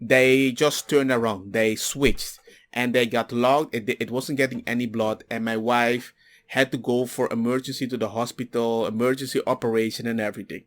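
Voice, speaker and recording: A man's voice: mid-range voice, normal speed. A man in a casual monologue, telling personal stories and acting out what others said. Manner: animated storyteller, acts out others' lines. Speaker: commentator.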